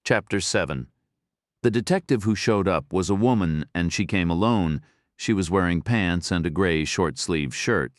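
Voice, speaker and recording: A man narrates a first-person thriller audiobook in a steady, matter-of-fact way. His voice is very low. The recording is close and dry, with no room sound. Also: moderate pace, dry recording.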